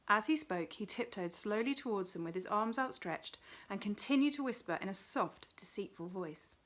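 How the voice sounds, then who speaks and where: A woman reading a novel aloud in an expressive storytelling manner. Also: mid-range voice, moderate pace, hardly any pauses. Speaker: reader.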